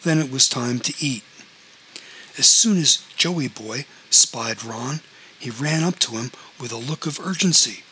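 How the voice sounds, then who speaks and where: A man reading a story aloud at a steady, measured pace. His voice is bright and forward, with a faint hiss of background noise beneath it. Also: medium pitch, rough recording. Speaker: narrator.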